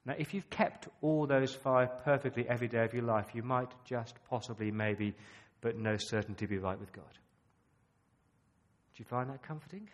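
An Australian man preaching a sermon, emphatic and full of rhetorical questions, with dramatic pauses. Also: mid-range voice.

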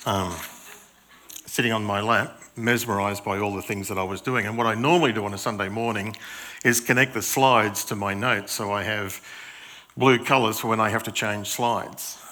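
In a church hall, an older pastor preaches a chatty sermon, poking fun at himself and quizzing the children. His fairly low voice has a sharp tone and fairly even intonation, delivered at normal speed.

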